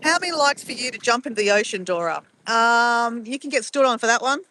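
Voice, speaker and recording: A woman's voice: on the high side, a little fast, pushed and bright. A woman streaming live from her phone outdoors at sunrise, chatting casually and reading out viewers' messages. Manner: chatty, greets viewers by name and reads chat aloud.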